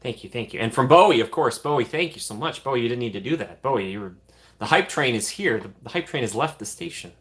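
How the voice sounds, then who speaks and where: A man's voice: medium pitch, expressive, fairly bright tone. A man hosting a casual livestream, reading out donations and thanking viewers over and over with frequent laughs. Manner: grateful, reads out donations with quick repeated thanks and laughs. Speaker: livestream host.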